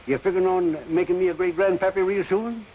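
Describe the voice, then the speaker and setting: An older actor playing a boastful, folksy old Western grandfather with a loud drawl and rustic grammar, in 1950s film acting. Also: high voice, fairly even intonation, fast, close to an everyday voice. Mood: jovial. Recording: dull old film soundtrack, faint hiss.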